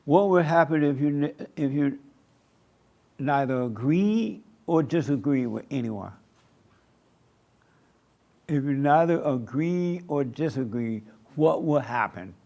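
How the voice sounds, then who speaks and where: A man preaching a sermon to a small congregation in a church meeting room. He repeats short commands emphatically and slows down to stretch words for emphasis. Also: fairly high pitch, animated, vocal fry, dark tone. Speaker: pastor.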